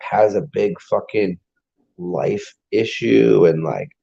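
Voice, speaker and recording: A man's voice: lowish voice, takes it slowly, gravelly, dark tone, husky. A man giving a rambling, profane casual monologue as a spiritual vlogger, restarting his sentences often. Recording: dull lo-fi recording.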